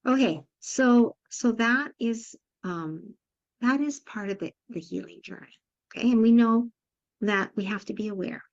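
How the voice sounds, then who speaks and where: Earnest woman coaching parents, gravelly edge. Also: mid-range voice, a little mellow, no room sound, lo-fi sound. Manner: earnest, emphatic, repeats key phrases. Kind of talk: webinar talk to parents.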